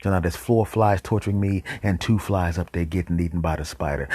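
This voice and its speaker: Deep-voiced man telling a comic story. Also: brisk, husky, dry recording. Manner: animated, with whispered deadpan asides. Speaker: show host.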